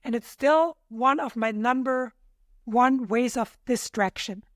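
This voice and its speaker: A woman's voice: on the high side, slow pace, dry recording, studio quality. A woman, a podcast guest sharing her own experiences in a thoughtful, hesitant way with many fillers. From Austria. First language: German. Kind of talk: reflective personal conversation.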